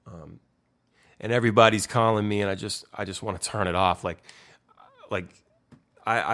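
Young male band singer, deep voice, loose and candid, rambling with frequent swearing. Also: fairly bright tone. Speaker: band singer explaining his lyrics. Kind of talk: casual talk about song lyrics.

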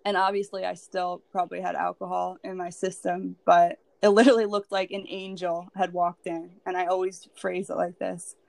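A woman's voice: on the low side, flat delivery, normal speed, gravelly, few pauses, a little mellow, no room sound. A woman sharing her personal story as a podcast guest, candid and emotional, with lots of "like" and "um.". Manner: candid and emotional, heavy with "like" and "um" fillers.

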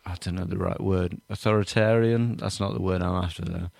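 A man's voice: deep voice, fairly even intonation, fairly quick, gravelly, darkish tone, no room sound, studio quality. A man hosting a podcast in casual chat, joking, laughing often and acting out quoted voices. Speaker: podcast host.

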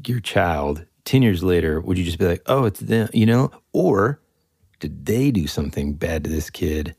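A man's voice: deep voice, expressive, normal speed, darkish tone, husky, no echo, clean studio sound. A man co-hosting a podcast, chatting casually and animatedly about a true-crime story, rambling and joking. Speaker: podcast co-host.

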